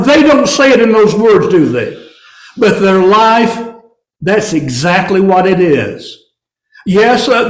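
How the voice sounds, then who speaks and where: A man's voice: sits high, roomy sound. A man preaching a sermon, reading scripture aloud and stressing key words with rising emphasis.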